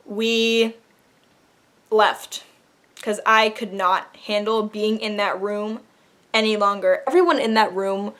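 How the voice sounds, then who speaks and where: A woman's voice: medium pitch, fairly even intonation, takes it slowly, pauses often, fairly bright tone. A young adult woman telling a personal story in a casual vlog, chatty, with many fillers and the odd laugh. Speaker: vlogger.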